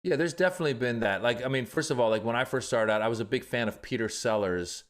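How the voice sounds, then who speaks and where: Man, comedian guest, mid-pitched voice, lively storytelling, mimics people he quotes. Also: quick pace. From Iran. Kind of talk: conversational podcast interview.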